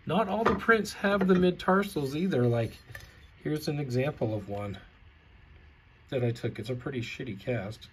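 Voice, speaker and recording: A man's voice: mid-range voice, lively intonation, normal speed, slight background noise. A man ranting in a vlog, angry and sarcastic, swearing heavily. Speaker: vlogger.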